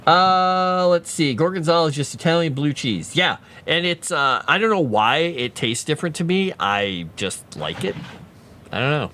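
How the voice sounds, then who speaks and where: Male streamer, casual tangent-prone chatter, animated intonation. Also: fairly high pitch, moderate pace, slight background noise. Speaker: writer streaming his lore writing. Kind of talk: casual livestream chat with viewers.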